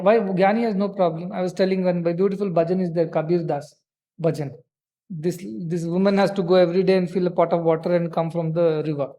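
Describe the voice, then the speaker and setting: A man's voice: sits high, mellow. A man, a spiritual teacher giving a conversational discourse and telling stories with quoted dialogue.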